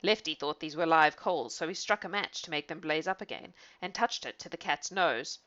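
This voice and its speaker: A woman reading a fairy tale aloud in an animated way, with laughing asides to her listener. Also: deep voice, normal speed, dull audio. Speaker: storyteller. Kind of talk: storybook reading.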